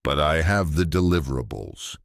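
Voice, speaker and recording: A man voicing a weary, sardonic male vampire antihero in a rasping voice, with dry, wry understatement. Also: a bass voice, animated, normal speed, no echo, exaggerated voice.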